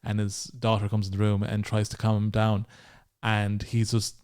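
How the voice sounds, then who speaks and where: A man's voice: on the low side, monotone, moderate pace, darkish tone, clean tone. An Irish man hosting a casual podcast interview, chatting eagerly about comedy. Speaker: podcast host.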